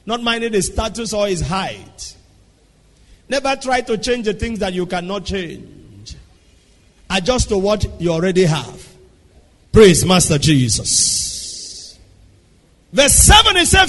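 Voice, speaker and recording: A man preaching a sermon, swinging from soft asides to shouted lines. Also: high-pitched. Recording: long hall reverb.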